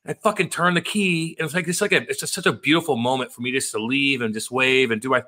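A man's voice: on the high side, expressive, bright, forceful tone. A man co-hosting a podcast, joking and swearing freely as he tells rambling stories. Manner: rapid, profane, joking storyteller. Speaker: podcast co-host. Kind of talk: casual podcast banter.

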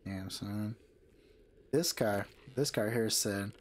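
A young man playing a game with a friend, joking and swearing excitably into a headset mic. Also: on the low side, unhurried, a little hiss or hum. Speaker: gamer. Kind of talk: casual let's play banter.

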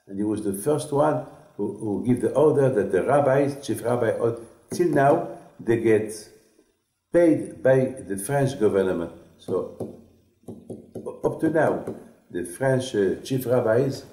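Slow, halting rabbi. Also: male voice, lowish voice, animated, warm tone. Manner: halting, repetitive storytelling. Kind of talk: storytelling sermon. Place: synagogue class hall. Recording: echoey room.

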